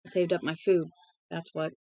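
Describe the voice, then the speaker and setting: A woman's voice: lowish voice, level tone, normal speed, mellow, no echo, close to an everyday voice. A woman voicing a starving, terrified male prisoner who whines and begs through sobs, in a storybook reading. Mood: frightened. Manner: whiny, sobbing, begging.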